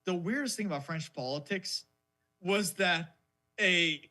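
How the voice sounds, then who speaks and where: A man's voice: high-pitched, unhurried, bright, forceful tone. A man co-hosting a podcast in casual chat, ranting in a mocking, profane way. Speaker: podcast co-host.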